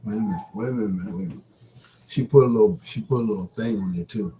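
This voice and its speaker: A man's voice: fairly low pitch, rapid-fire, dark tone, slight background noise, poor audio. A man hosting a casual live stream. He chats loosely with his viewers, laughs often and reads Bible passages aloud. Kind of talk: casual chat and Bible reading.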